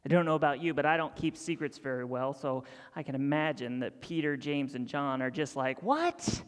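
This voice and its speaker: A young man preaching a sermon, telling a Bible story dramatically, sometimes dropping to a near-whisper and sometimes acting out excited voices. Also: mid-range voice, fairly quick, clean tone. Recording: long hall reverb.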